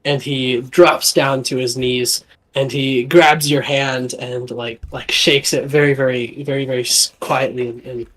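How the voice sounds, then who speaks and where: A man running a live tabletop game as dungeon master, narrating in a halting, rambling way. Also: mid-range voice, little pitch movement, fairly bright tone, low-quality recording. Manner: rambling, halting, lots of fillers.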